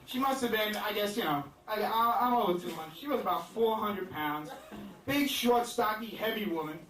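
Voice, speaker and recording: A male comedian with a high-pitched voice rambles at normal speed through crude, self-mocking material full of filler words. The crowd laughs loudly, and the distant mic picks up the echoey room of the comedy club.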